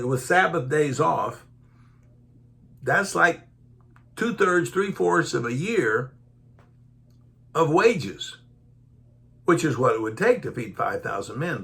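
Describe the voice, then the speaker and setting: A man preaching a Bible teaching sermon, reading verses aloud and then retelling them in folksy everyday speech, acting out the disciples' voices. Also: fairly high pitch. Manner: animated, acts out the disciples' voices.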